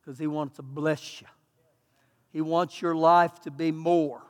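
A man with a Texan accent, a pastor preaching a sermon in an animated, folksy, self-mocking storytelling way, recorded in a church sanctuary. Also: fairly high pitch, unhurried. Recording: long hall reverb.

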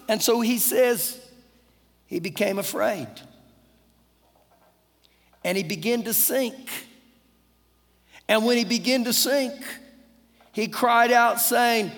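A man's voice: very high-pitched, slow pace, creaky, pauses often, fairly bright tone, soft background music. A man with a Texan accent, a pastor preaching an earnest, conversational sermon with repeated phrases. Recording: long church-hall reverb.

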